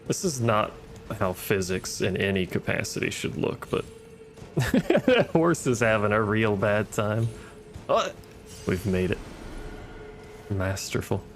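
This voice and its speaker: A man's voice: lowish voice, measured pace. A man giving casual, sarcastic gameplay commentary, muttering and swearing at the game as he plays. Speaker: gaming streamer. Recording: game music behind voice. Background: game music.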